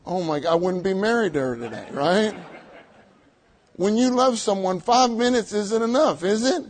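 A man's voice: high-pitched, lively intonation, moderate pace, low-quality recording. An older man preaching a sermon to a meeting, emphatic, repeating his key phrases and laughing lightly between points.

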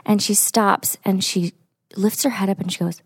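A woman in her thirties, a parent chatting casually and telling a family story with animated, laughing energy. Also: medium pitch, moderate pace, husky, dry recording, studio quality. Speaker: parent, co-host. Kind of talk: casual chat.

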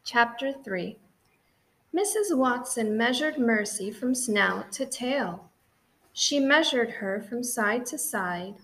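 A woman narrates a children's audiobook in a gentle, expressive way. She takes an unhurried pace and speaks clearly. Her voice sits a little high.

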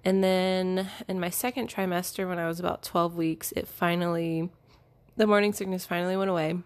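A woman's voice: on the low side, little pitch movement, moderate pace. A young woman in casual personal storytelling, chatty and rambling with many fillers. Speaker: podcast host.

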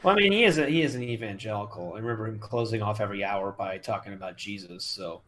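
Man, podcast co-host, casual chat, sardonic, lively pitch. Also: quick pace.

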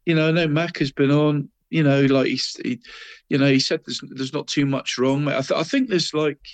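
A man's voice: a little high, steady tone, a little fast. A man co-hosting a casual football podcast, chatty and calling his partner mate in every sentence. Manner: chatty, peppers talk with "mate" and the co-host's name. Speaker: co-host.

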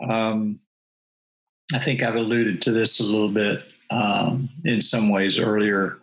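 Older male guest, low voice, very slow and measured, reflective storyteller. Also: flat delivery, a bit bright, low-quality recording. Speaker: guest, author and former missionary. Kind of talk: reflective interview talk.

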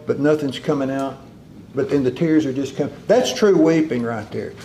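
A man preaching a sermon, drawing out key words slowly and dropping into a low hush for emphasis. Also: slight background noise.

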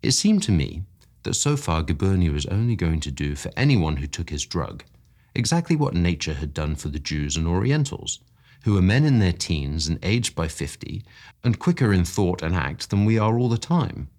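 A man reading a classic story aloud in a measured, expressive narration. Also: sits low. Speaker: story reader. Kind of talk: audiobook narration.

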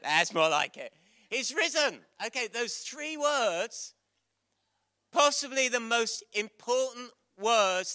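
A man preaching an Easter sermon to a church, questioning children and calling out loud exclamations. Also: extremely high pitch, slow pace, clear, resonant tone, no room sound. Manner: lively, interactive, bursts into loud exclamations.

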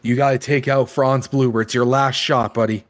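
A man's voice: medium pitch, fairly even intonation, normal speed. Man running a tabletop game. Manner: playful, describing action scenes. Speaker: game master.

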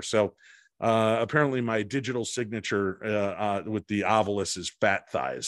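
A middle-aged man with a low-pitched voice tells a story in a casual interview. He acts out the lines of the people in it with energy. The sound is dry and close. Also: normal speed, dry recording. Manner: animated anecdote-teller, acts out voices and lines. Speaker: guest, paranormal investigator.

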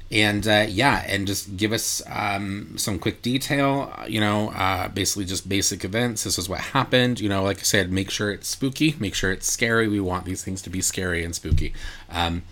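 Man, very low voice, casual podcast co-host who rambles and restarts a lot. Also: moderate pace, a bit bright. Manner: rambling with many fillers and restarts. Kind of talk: casual chat.

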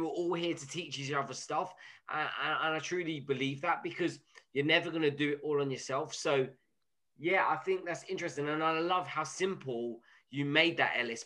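A man co-hosting a podcast, speaking in a calm, reflective way. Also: a little high. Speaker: podcast co-host. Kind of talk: casual chat.

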